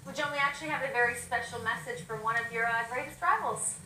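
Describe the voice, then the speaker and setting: A woman's voice: on the high side, quick pace, sharp tone, a little hiss or hum. A woman hosting an interview, asking questions in an upbeat way. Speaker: show host. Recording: roomy room sound, mic far off.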